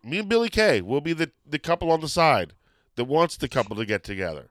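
A man hosting a podcast in casual chat, rambling and excitable, often losing his train of thought. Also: a little high, fairly quick. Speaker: podcast host.

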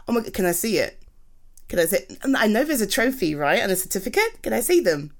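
A woman performing a romantic comfort audio roleplay, gushing and reassuring as she speaks to an unseen partner. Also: on the high side. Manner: slow, lively, swooping speech.

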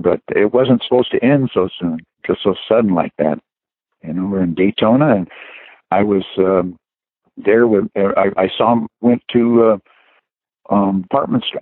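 A man's voice: fairly low pitch, no echo. A man, a guest musician, telling rambling anecdotes in a casual interview, full of chuckles and "you know" fillers. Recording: dry tinny phone line.

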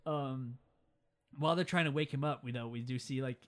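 A man's voice: medium pitch, fairly quick. A young man in casual chat, retelling a film scene by scene and quoting characters in changing voices. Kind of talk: casual movie recap chat.

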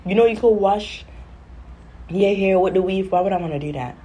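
A woman's voice: medium pitch, normal speed, warm tone, slightly rough. A woman chatting casually on a vlog, telling a rambling, exasperated story. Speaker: vlogger. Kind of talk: casual chat.

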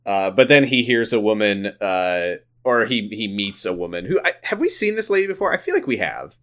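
A man with a fairly low voice recaps a TV episode in casual podcast chat. His pitch swings widely as he jokes and retells scenes. His delivery is loose and playful. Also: sing-song, a little fast, fairly bright tone. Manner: joking, retells scenes with acted quotes. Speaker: podcast co-host.

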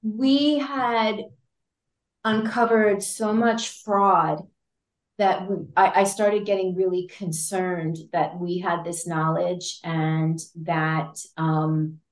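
A woman guest in an interview, telling a story in a lively way with frequent laughs, fillers and restarts. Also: fairly low pitch, slow pace. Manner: animated, laughs often, many fillers and restarts. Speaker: interview guest, patient advocate. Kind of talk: conversational storytelling. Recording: roomy echo.

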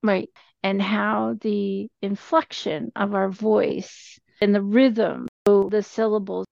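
A woman's voice: mid-range voice, takes it slowly, gravelly, a little mellow, no room sound, lo-fi sound. A woman co-hosting a casual writing discussion, encouraging and thanking each speaker in turn.

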